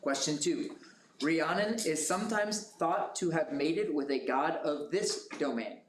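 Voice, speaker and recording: A man moderating a school quiz bowl, reading questions slowly and carefully. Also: on the high side. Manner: slow, measured question reading. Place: school classroom. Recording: echoey room with noise.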